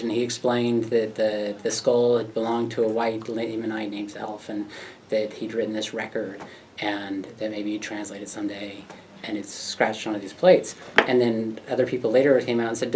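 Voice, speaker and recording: An American man recounts his story to an audience gathered in a pub. He is animated, laughs often and acts out the voices of other people. The recording picks him up from a distance, with a faint hum of the room behind him. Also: fairly low pitch. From United States. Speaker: speaker at a talk. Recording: distant mic with faint background noise.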